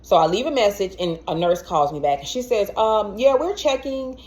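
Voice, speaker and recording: A young adult woman telling a personal story to camera in a casual, animated way, acting out what others said and stumbling over repeated words. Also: mid-range voice, moderate pace. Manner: animated, acts out quoted voices, stammers and repeats words.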